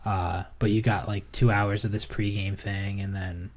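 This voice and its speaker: A man co-hosting a casual sports podcast, speaking in a low-key, dry way and often trailing off quietly. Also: little pitch movement, unhurried. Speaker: podcast co-host.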